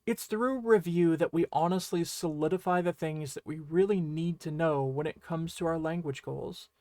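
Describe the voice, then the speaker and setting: High-voiced man teaching a language lesson. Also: normal speed, darkish tone, no room sound. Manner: friendly explaining, often checking in with "right?".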